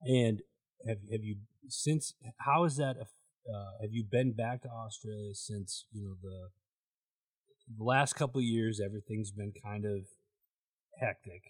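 A man hosting a podcast interview, asking halting questions and reacting with surprise. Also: on the low side, slightly rough, rough recording. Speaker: podcast host. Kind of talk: casual interview chat.

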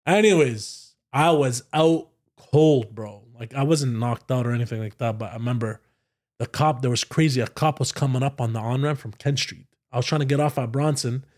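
A man, a podcast guest telling a story in a casual, animated way, swearing freely and saying "bro" a lot. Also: mid-range voice, moderate pace. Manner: animated, profane, says "bro" constantly.

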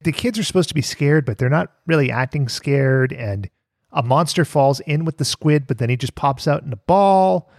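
A man's voice: on the high side, moderate pace, a little mellow, dry recording, studio quality. A man co-hosting a podcast, recapping a cartoon in casual chat, joking, swearing and laughing often.

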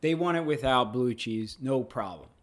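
A man co-hosting a podcast in casual chat, playful and thinking out loud with restarts. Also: mid-range voice, animated, normal speed. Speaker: podcast co-host.

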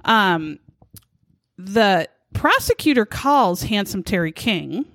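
A woman's voice: mid-range voice, sing-song, slow, a bit bright, dry recording. Blunt, foul-mouthed woman telling a crime story. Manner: blunt, profane, indignant storytelling. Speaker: podcast co-host recounting a true crime case. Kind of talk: casual chat.

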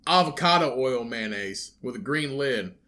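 A man's voice: mid-range voice, animated, moderate pace, pushed and bright. A young man co-hosting a podcast, swearing freely and restarting his sentences in casual chat. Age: young adult. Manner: swears a lot, stumbling restarts, laughs hard. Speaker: podcast co-host.

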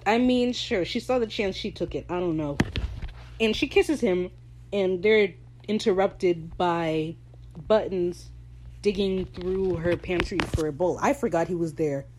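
Animated, slangy woman recapping a show. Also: on the low side, measured pace, a little hiss or hum, rough recording. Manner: animated, slangy, swears freely; laughs while talking. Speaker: podcast host. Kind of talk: casual episode recap.

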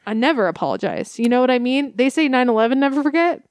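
A woman's voice: high-pitched, lively intonation, quick pace, dry recording. A woman from the United States co-hosting a casual podcast, laughing often and bantering crudely with many fillers. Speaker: podcast co-host.

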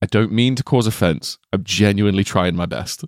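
A man's voice: on the low side, a little fast, no echo, studio quality. A man co-hosting a film podcast, playful and jokey, often laughing as he talks. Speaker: podcast co-host. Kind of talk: casual film discussion.

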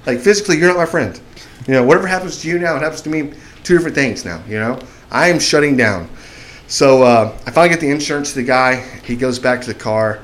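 Talking fast in a mid-range voice, a man spins a lengthy podcast tale in casual speech. He performs the characters' voices with animation, even acting out their shouts.

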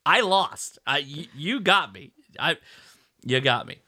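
A man's voice: a little high, lively intonation, slow, bright, forceful tone, no echo, clean studio sound. An American man co-hosting a podcast, talking in a playful, rambling way and often correcting himself. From United States. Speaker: podcast co-host. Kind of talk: casual chat.

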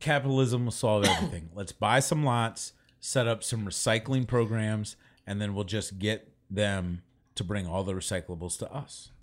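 A man's voice: lowish voice, normal speed. A man co-hosting a podcast in casual chat, telling stories with energy and acting out the people he quotes. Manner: animated storyteller, acts out people he quotes. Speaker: podcast co-host.

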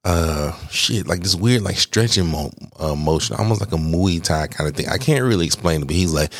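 A man casually telling a personal story, slangy and animated, swearing and talking straight to his listeners. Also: sits low, brisk, few pauses, no room sound, clean studio sound. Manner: acts out quoted lines in a raised voice.

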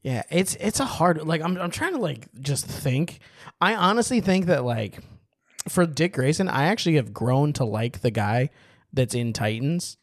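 A man's voice: on the high side, animated, moderate pace, no room sound, clean studio sound. A man co-hosting a casual chat, laid-back and jokey, agreeable with his partner. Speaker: podcast co-host.

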